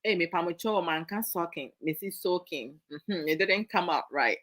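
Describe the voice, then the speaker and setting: A woman's voice: fairly low pitch, a bit bright. A woman with a Ghanaian accent hosting a casual live-stream chat, playful and chatty, reading out viewer comments and mixing in Twi phrases. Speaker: host.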